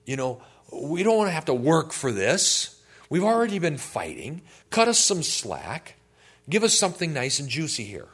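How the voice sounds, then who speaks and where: A man's voice: fairly high pitch, huge pitch swings, normal speed, a bit bright, breathy edge, full character voice. A man voicing whining, wheedling tribesmen who ask their old leader for favors, in a chummy, complaining tone.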